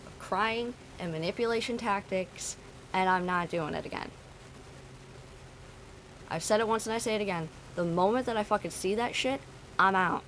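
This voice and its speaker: A woman's voice: medium pitch, moderate pace, pauses often, a bit bright, a little hiss or hum, low-quality recording. A woman streamer talking to her chat, venting bluntly and swearing freely. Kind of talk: casual talk to stream chat.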